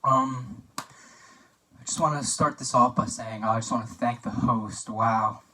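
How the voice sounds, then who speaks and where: A man's voice: mid-range voice, level tone, takes it slowly, sharp tone, distant mic, slight background noise, rough recording. A young man giving a casual, joking best-man toast for a class assignment, telling anecdotes with plenty of fillers.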